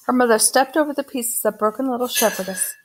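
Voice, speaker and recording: A woman reading a children's novel aloud in a steady storytelling manner. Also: fairly high pitch, fast talker, a little hiss or hum. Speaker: audiobook narrator.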